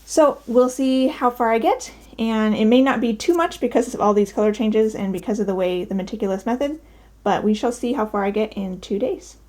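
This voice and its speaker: A woman's voice: a little high, a little fast, a little mellow. A woman chatting casually at home while showing her cross-stitch projects, upbeat and full of ums. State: out of breath. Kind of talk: casual show-and-tell vlog. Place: home, daughter's bedroom.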